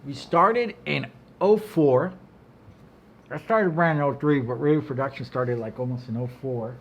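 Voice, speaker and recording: A middle-aged man telling stories in casual chat, animated and profane, acting out quotes in a loud high voice. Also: unhurried, muffled recording, a little hiss or hum. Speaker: cigar brand owner. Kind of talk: casual storytelling.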